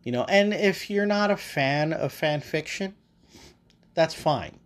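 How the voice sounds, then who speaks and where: A man's voice: fairly high pitch, lively intonation, takes it slowly. Rambling, swearing man hosting a podcast. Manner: rambling, swears often, many fillers and restarts. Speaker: podcast host. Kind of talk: casual rambling monologue.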